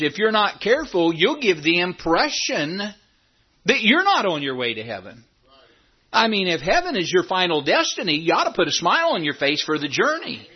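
Animated husky-voiced preacher. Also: male voice, high voice, moderate pace, dull audio. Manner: animated preaching with repeated phrases and rhetorical questions. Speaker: pastor. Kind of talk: sermon. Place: church sanctuary.

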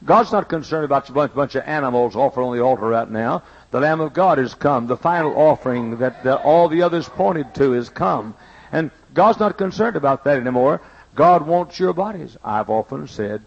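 A man preaching a sermon, his voice gravelly with fry. He talks in a folksy, storytelling way and repeats his points for emphasis. The recording sounds dull and lo-fi. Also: mid-range voice, animated, normal speed.

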